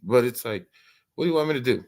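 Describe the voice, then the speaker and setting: A man's voice: medium pitch, animated, fast talker, a little mellow. A man hosting an early-morning live stream, chatting casually, rambling and stammering through many restarts and laughing often.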